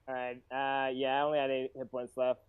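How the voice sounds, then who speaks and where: Smooth-voiced man on a tinny line. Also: mid-range voice, monotone, brisk, no echo. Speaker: player. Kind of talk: casual tabletop game play. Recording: tinny phone-like sound.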